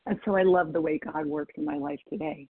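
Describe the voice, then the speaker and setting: This North Idaho woman speaks a little fast in a low voice with fairly even intonation, over slight background noise. She's on a call, sharing candidly in a recovery meeting, laughing at her own expense and quoting others, and the audio has a phone-call quality.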